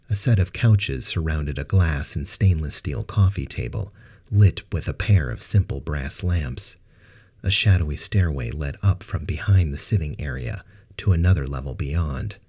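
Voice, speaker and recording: Deep husky male audiobook narrator. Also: mellow. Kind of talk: scripted narration.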